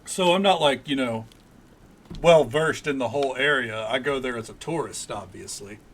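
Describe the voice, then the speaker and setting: A man's voice: mid-range voice, normal speed, slight background noise. A man streaming a game, chatting casually and ranting bluntly with frequent swearing. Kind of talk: casual gameplay stream chat.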